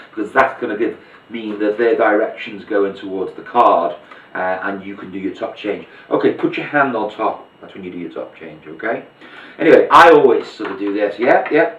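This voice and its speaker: A low-voiced man talks through a card trick step by step, chatty and hands-on as he demonstrates. He sits back from the mic in a roomy space, and the recording sounds dull and muffled. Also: animated, normal speed, a bit bright, distant mic. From Liverpool, England. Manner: chatty, step-by-step explaining while handling cards. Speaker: magician teaching a card trick. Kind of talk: demonstration tutorial.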